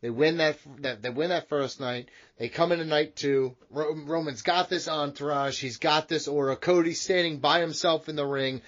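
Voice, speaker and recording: A man co-hosting a podcast, arguing loudly and profanely in a casual wrestling chat. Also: a little high, normal speed, few pauses. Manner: loud, profane, argumentative. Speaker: podcast co-host. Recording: dull lo-fi podcast audio.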